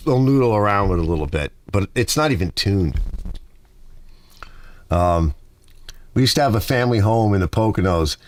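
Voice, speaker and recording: Lively, rambling middle-aged man host. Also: sits low, dry recording. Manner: rambling, talkative storyteller. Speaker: host of a garage livestream. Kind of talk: casual livestream chat reading viewer comments.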